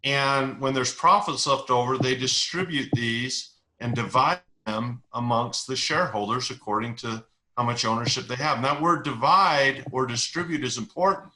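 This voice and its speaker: A man's voice: mid-range voice, moderate pace, hardly any pauses, bright, forceful tone, slight background noise, poor audio. A middle-aged man in an interview, explaining investing ideas with analogies and stories and repeating key words for emphasis. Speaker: investing educator, interview guest. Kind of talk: conversational explanation.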